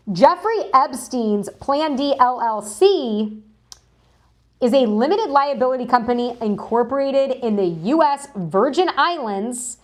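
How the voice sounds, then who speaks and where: A woman hosting a live news stream, chatting casually and greeting viewers in chat as she talks through documents. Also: on the high side. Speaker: livestream news host.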